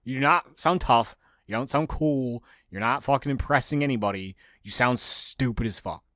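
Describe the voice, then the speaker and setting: A man's voice: medium pitch, moderate pace, a bit bright, dry recording, studio quality. A man hosting a podcast, ranting casually and profanely, mocking others in raised voices. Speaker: podcast host. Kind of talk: casual opinionated monologue.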